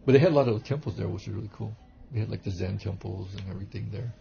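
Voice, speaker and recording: A man, a kung fu teacher and reverend, telling rambling, animated stories in a casual interview, with many restarts. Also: lowish voice, rapid-fire, creaky. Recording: dull lo-fi recording.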